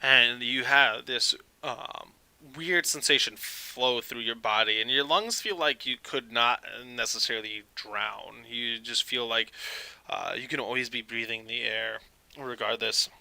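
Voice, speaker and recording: Dude running a d&d game online, bright clear voice, lots of ums. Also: male voice, mid-range voice, measured pace, no room sound, rough recording. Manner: relaxed, laughing, with many fillers. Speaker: dungeon master. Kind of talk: narrating a tabletop game.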